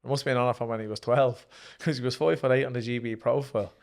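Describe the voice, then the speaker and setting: A man's voice: medium pitch, steady tone, fast talker, gravelly. An Irish man, a former pro boxer, telling stories in a casual interview, re-enacting his own exchanges and swearing freely.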